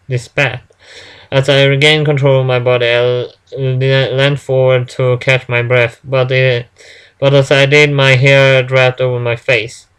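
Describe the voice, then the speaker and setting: A man reading a first-person story aloud in a halting way, stumbling and restarting words often. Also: medium pitch, fairly bright tone, clear, resonant tone. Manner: halting, with frequent restarts and fillers.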